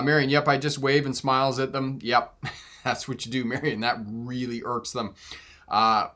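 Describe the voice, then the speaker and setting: Chatty driving instructor, man, mid-pitched. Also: pushed and bright. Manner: chatty, laughs often, acts out exchanges in voices. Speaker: driving instructor and channel host. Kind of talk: casual live viewer Q&A.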